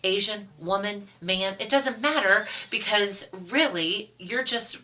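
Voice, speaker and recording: A woman's voice: mid-range voice, takes it slowly, bright, forceful tone. A woman hosting a Christian radio talk show, reflective and affirming as she talks about her faith. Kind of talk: faith-based conversation.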